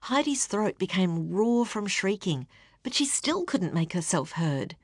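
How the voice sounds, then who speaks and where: A woman narrating an audiobook with a steady, expressive reading. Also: mid-range voice, unhurried, no room sound, clean studio sound. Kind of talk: scripted narration.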